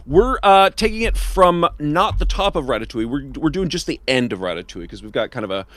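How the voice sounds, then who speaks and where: A man's voice: a little high, lively intonation, fairly quick, a bit bright. A man hosting and narrating a live tabletop role-playing stream, chatty and self-deprecating, laughing often. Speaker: host and narrator.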